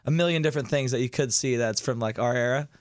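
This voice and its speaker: A man's voice: mid-range voice, quick pace, no echo. A man guesting as a musician in a radio studio, rambling and self-deprecating in casual chat. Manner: rambling, self-deprecating, lots of "like" and "you know". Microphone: studio microphone.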